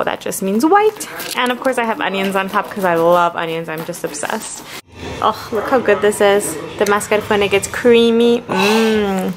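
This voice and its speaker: A woman hosting a casual cooking vlog at home, chatty and enthusiastic about the food, filmed on a handheld camera. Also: medium pitch. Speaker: vlogger host. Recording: noisy home camera audio.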